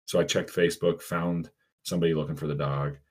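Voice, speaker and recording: A man hosting a podcast, telling stories in a relaxed way with frequent fillers. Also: a bass voice, fast talker, slightly rough. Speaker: podcast host and animal protection officer. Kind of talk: casual podcast chat.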